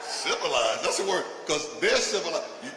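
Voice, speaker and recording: Older male stand-up comic, high-ish voice, blunt and provocative, heard from afar in a roomy, noisy live venue. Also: very animated, normal speed, a loud crowd. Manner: provocative, punchy delivery with bursts of shouting. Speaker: stand-up comedian. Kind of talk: stand-up routine. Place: live comedy stage. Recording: echoey live venue from a distance with noise.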